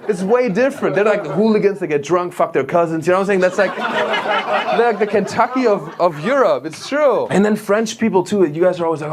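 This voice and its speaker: A man's voice: high-pitched, expressive, fairly quick. A German man doing stand-up crowd work, playful and teasing, laughing often. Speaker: stand-up comedian. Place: comedy club stage. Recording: loud crowd laughter behind.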